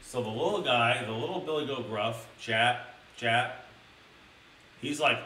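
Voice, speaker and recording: A young man streaming a crude comedic storybook reading, excitably addressing his chat. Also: medium pitch, a little slow, long pauses, far from the mic. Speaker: streamer reading a children's book. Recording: roomy, a little off-mic, faint noise.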